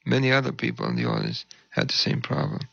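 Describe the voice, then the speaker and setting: A man's voice: sits low, huge pitch swings, quick pace, gravelly, fairly bright tone, dry recording, muffled recording. A man who is a pastor, telling a story in conversation and acting out the voices he quotes.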